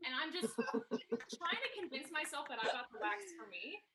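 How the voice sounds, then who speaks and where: A woman's voice: high-pitched, big pitch swings, moderate pace, over a noisy crowd. A woman comic telling brash, self-mocking stories in a stand-up set over a video call.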